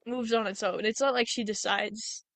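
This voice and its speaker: A chatty woman recaps a film in a loose, rambling way, often stopping to restart her sentences. Her voice sits fairly high, and the sound is dry and close with no room echo. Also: fairly even intonation, moderate pace, vocal fry. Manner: rambling plot retelling with frequent restarts. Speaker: podcast co-host. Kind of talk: casual movie review chat.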